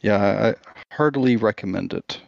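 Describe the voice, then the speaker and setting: A man co-hosting a casual podcast, speaking in a thoughtful, measured way with some hesitations. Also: lowish voice, vocal fry, no echo. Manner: thoughtful, measured, recommends books. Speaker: podcast co-host. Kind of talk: casual group chat. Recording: slightly dull lo-fi mic.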